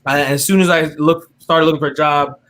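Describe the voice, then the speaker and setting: Animated man telling a faith testimony. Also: fairly high pitch, fairly quick, a little hiss or hum. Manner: animated, often tags "right?", acts out other people's words. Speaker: interview guest. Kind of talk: casual faith testimony storytelling.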